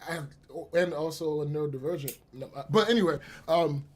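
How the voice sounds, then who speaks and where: A man co-hosting a casual live chat show, animated and laughing often, with a slightly husky voice. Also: on the high side, fairly quick. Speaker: podcast co-host.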